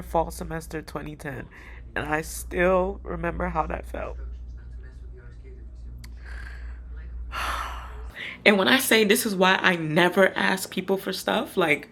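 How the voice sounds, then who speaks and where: A woman's voice: sits low, creaky, fairly bright tone. A woman in her thirties vlogging outdoors, telling a rambling, confiding personal story. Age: 30s. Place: outdoors, windy.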